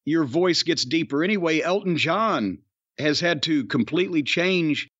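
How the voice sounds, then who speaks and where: A man's voice: fairly high pitch, animated, unhurried, fairly bright tone, no echo. Older man, profane rambling podcast host. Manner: profane, rambling, does mocking voice impressions. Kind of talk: casual podcast chat. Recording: dull dry lo-fi sound.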